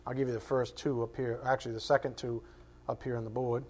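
A man's voice: mid-range voice, flat delivery, fast, darkish tone. A man teaching a Bible class in a conversational way, asking rhetorical questions and acting out quoted voices. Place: classroom with a board.

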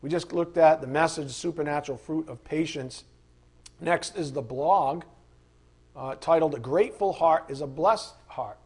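A man's voice: fairly high pitch, normal speed, darkish tone, slightly rough. A man leading a Bible study, reading passages aloud and adding earnest, casual asides. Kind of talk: conversational Bible teaching.

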